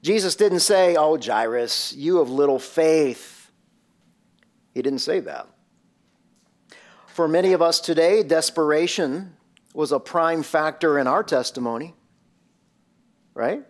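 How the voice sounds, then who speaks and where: A man's voice: a little high, expressive, a little slow, pauses often. A male pastor preaching a sermon, emphatic and full of rhetorical questions.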